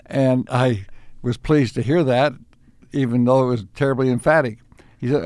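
An older man recounting memories at an easy pace, often stopping to restart a phrase and chuckling along the way. His voice sits in a middle pitch. It is recorded close and dry, with no room sound around it. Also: a little mellow, no room sound. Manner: unhurried, with frequent restarts and chuckles. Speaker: interviewee. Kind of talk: reflective storytelling.

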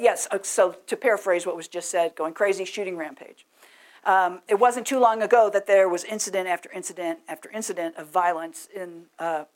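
Lively woman presenting to an audience. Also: medium pitch. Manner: lively, engaging, asks the audience questions. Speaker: speaker.

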